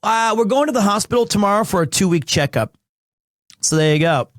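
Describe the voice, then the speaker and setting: Young guy streaming, rambly chat, kinda high voice, dry close sound. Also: expressive, brisk, dry recording. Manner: rambling, many restarts. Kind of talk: casual live-stream chat.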